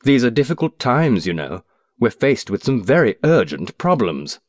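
A man's voice: medium pitch, very animated, normal speed, darkish tone, no room sound, studio quality, pitched above the performer's own voice, lightly acted. A man voicing an irritable, aggressive politician who speaks brusquely and sarcastically in a storybook reading. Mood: irritated.

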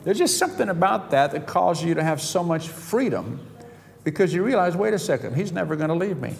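A man's voice: fairly high pitch, lively intonation, brisk, creaky. A middle-aged man preaching a sermon, telling stories with chuckles and quoting conversations in his own voice. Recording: reverberant hall, faint background noise.

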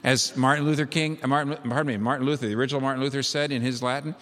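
A man's voice: medium pitch, fairly even intonation, racing, fairly bright tone. A man preaching a sermon, retelling a story vividly and with emphasis before leading a prayer. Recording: long hall reverb.

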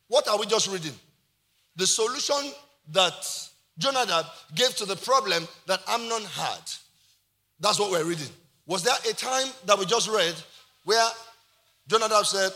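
A Nigerian man preaching with real energy, his voice sitting high and ringing bright. He mixes in Yoruba phrases and rises to shouts when he drives a point home. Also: normal speed, pauses often. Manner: animated, switches into Yoruba phrases, shouts for emphasis. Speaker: pastor. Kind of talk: sermon.

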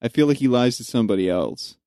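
A man in casual conversation about a film, retelling scenes with animated energy and some swearing. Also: medium pitch, fast talker, no room sound, studio quality. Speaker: podcast co-host.

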